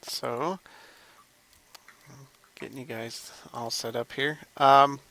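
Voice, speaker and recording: A man's voice: medium pitch, steady tone, slow, pauses often, pushed and bright. A man running a tabletop game as game master, easygoing, sometimes stumbling over words.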